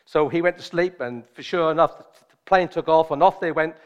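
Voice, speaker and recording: A man preaching a sermon, joking and chatty with his congregation at first, then slow and solemn. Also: fairly high pitch, dull audio. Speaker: visiting preacher.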